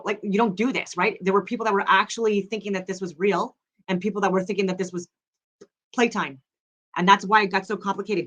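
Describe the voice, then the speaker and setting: A woman's voice: medium pitch, a bit bright. A woman hosting her own vlog, talking casually over footage in a rambling way, full of filler words. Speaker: vlog host.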